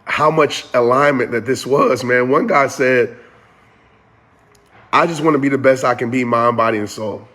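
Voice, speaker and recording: A man's voice: medium pitch, normal speed, pushed and bright. A man giving a motivational talk in an earnest, preacher-like cadence with repeated phrases. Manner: addresses listeners as y'all. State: getting emotional. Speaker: motivational speaker.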